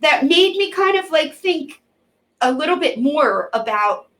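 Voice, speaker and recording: A woman's voice: high voice, expressive, unhurried, a bit bright. A woman hosting a casual interview, asking rambling questions full of fillers and restarts. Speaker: host.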